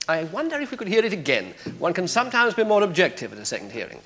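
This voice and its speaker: An actor playing a sharp, sardonic prosecutor cross-examining a witness in a courtroom drama. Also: male voice, high-pitched, huge pitch swings, racing, a little hiss or hum, full character voice. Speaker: prosecuting barrister.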